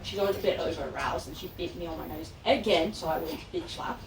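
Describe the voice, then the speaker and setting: A woman's voice: low-pitched, fast, a crowd in the background. Australian woman dog trainer, distant and echoey. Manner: animated storyteller, acts out voices in anecdotes. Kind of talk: casual training session with a client. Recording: roomy echo, distant mic, background noise.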